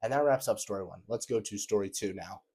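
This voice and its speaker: Young male host, low-ish voice, sarcastic and animated reaction commentary. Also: fast talker, slight background noise. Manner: sarcastic, animated, mocks quoted messages in exaggerated voices.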